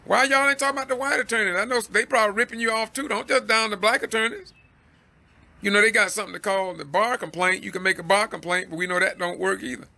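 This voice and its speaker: A man's voice: high-pitched, fairly even intonation, fast, gravelly, bright, forceful tone. A man from Georgia with a Southern accent, hosting a Facebook Live commentary in a preachy, exhorting way, laughing in exasperation. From Georgia, USA. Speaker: citizen news host.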